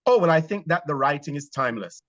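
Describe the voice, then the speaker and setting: Man, Jamaican accent, slightly high voice, animated storytelling with pauses, muffled dry audio. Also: dry recording. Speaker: theater actor guest. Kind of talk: conversational interview.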